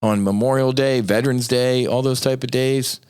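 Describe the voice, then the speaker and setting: A man's voice: medium pitch, fairly even intonation, quick pace, few pauses, a little mellow, smooth. A middle-aged American man hosting a podcast, delivering a blunt, profane, fired-up monologue. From United States. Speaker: podcast host. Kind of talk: impassioned monologue.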